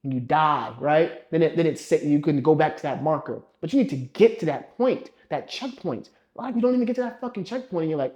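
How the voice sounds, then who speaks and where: A man's voice: animated, brisk, hardly any pauses. Young male fitness vlogger, raised voice, foul-mouthed scolding rant. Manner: blunt, swearing, scolding; swings from low muttering to loud pushing. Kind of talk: profane motivational rant.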